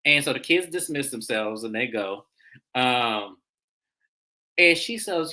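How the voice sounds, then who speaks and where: Animated woman recapping a reality show. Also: rumbling low, slow pace, long pauses. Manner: animated storyteller, acts out the people she describes. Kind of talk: casual TV recap chat.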